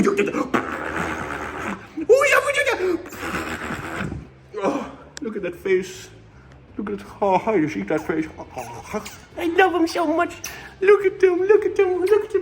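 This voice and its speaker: A man hosting a wildlife vlog, chatting casually and upbeat while he tends animals in their enclosures. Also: fairly high pitch. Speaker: wildlife keeper and show host. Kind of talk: casual vlog talk to camera. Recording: roomy echo with faint ambience.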